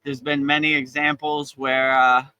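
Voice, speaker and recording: A man giving a casual spiritual talk as a teacher, relaxed and encouraging, often repeating his phrases. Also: medium pitch, a little slow, clear, resonant tone, dry recording, dull audio. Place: outdoors on a beach.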